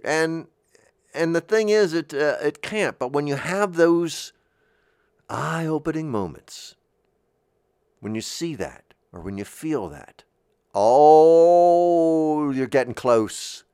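A man hosting a show, talking in a gentle, meandering monologue and often searching for his words. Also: fairly high pitch, very animated, slow, pauses often, no echo, clean studio sound. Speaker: host.

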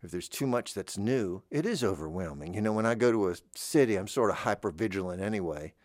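Brief: low-voiced man, rambling casual monologue, dry close sound. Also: expressive, fairly quick, darkish tone, no room sound. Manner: rambling, digressive, musing.

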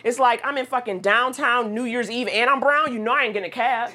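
A woman's voice: fairly high pitch, fairly quick, a crowd in the background. Laughing, profane woman storyteller. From United States. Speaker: guest storyteller. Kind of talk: comic storytelling. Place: radio studio.

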